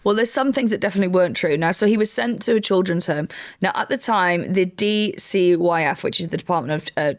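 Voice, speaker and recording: A woman's voice: lowish voice, fast talker. A woman comedian co-hosting a podcast, recounting a true crime story step by step with wry asides. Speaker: comedian co-host.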